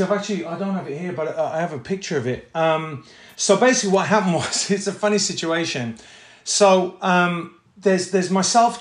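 A man, an actor telling anecdotes in a casual interview, animated and full of fillers, acting out quotes. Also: a little high. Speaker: actor guest. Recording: echoey room.

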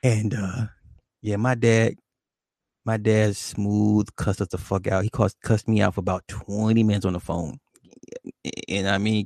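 Low-voiced profane call-in host. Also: male voice, flat delivery, measured pace, creaky, darkish tone, no room sound, clean studio sound. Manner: laid-back, profane, laughs a lot. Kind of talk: casual late-night call-in storytelling.

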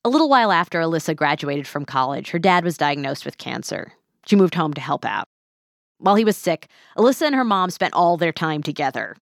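A woman hosting a podcast, narrating in a measured, even way and chatting with her guest. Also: low voice, creaky, no echo, clean studio sound. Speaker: podcast host. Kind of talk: scripted narration and interview chat.

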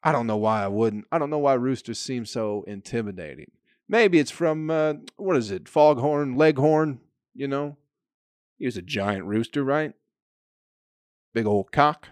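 A man's voice: medium pitch, animated, a little slow, smooth, dry recording. Rambling, profane male comedian. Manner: profane, rambling storytelling with frequent fillers. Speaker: comedian podcast host. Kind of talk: casual comedic monologue.

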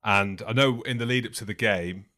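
A man's voice: lowish voice, normal speed, sharp tone. A man co-hosting a rugby podcast with teasing banter in casual chat. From Scotland.

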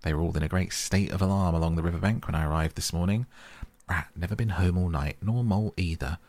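A man's voice: sits low, quick pace. A man doing a cheerful, bold otter. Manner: cheerful, lively storytelling.

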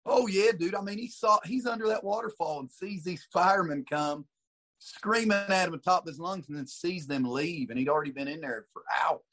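A man's voice: sits high, fairly quick, fairly bright tone. A man as a guest in a casual chat, easygoing, swearing and calling people dude and buddy.

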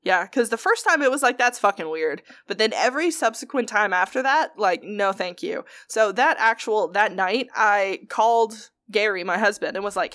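A young woman telling a story in a casual chat, animated and sweary. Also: mid-range voice, moderate pace, few pauses.

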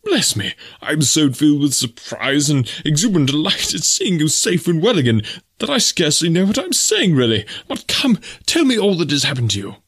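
A man doing a shrill flustered old gentleman. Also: sing-song, a little fast, breathy edge, full character voice. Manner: shrill exclamations, fussy formal phrasing. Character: flustered near-sighted elderly gentleman, fussy and easily frightened.

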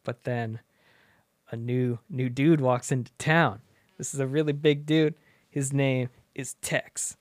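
A man's voice: mid-range voice, slow, no room sound, studio quality. A man in casual chat retelling a story with lots of laughter, slipping into character voices. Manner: animated, laughs often, acts out characters.

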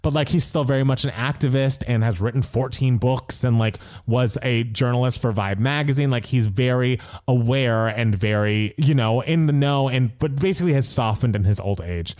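A man in casual podcast chat, telling a story with lively, animated delivery. He peppers everything with fillers and jumps into voices for the people he quotes, in a middle-pitched voice. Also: moderate pace, few pauses.

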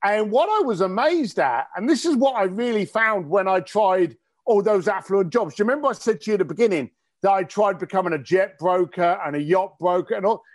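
A man from East tells stories bluntly and cheekily, swearing freely. His voice sits high, and his pitch leaps around with animated energy. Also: a little fast, few pauses. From East London. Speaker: interview guest. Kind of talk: casual storytelling interview.

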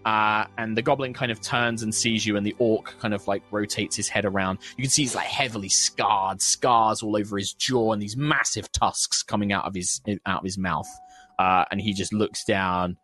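A man's voice: lowish voice, steady tone, normal speed, bright, forceful tone, faint music behind. A man narrating as the game master of a tabletop game, chatty and laughing often.

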